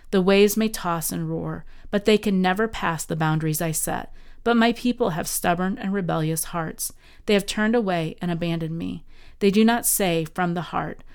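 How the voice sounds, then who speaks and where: A woman hosting a daily Bible podcast, reading scripture aloud in an expressive, dramatic way. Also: on the low side, clean tone.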